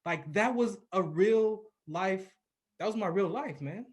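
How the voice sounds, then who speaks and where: A man in his forties from California talks in a high, light voice as a podcast guest. He speaks earnestly and with emphasis and tells his story in a relaxed, conversational way. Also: unhurried. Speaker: radio personality, podcast guest. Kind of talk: casual conversation, personal storytelling.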